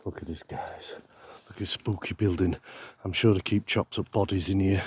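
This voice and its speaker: A man filming a mock-spooky comedy vlog outdoors in woodland, talking deadpan and pretending to be scared, with lots of swearing. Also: deep voice, normal speed, noisy background. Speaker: vlogger.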